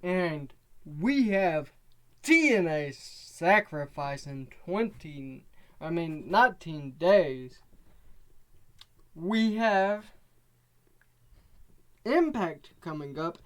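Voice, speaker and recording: A man talks through his wrestling simulation game at an unhurried pace, his voice fairly high for a man and smooth. He reads the characters' promo lines with a bit of extra push and scores each segment as he goes. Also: animated. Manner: reads out promo quotes in a slightly raised voice, rates segments. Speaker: game show narrator. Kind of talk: casual narration of a wrestling sim game.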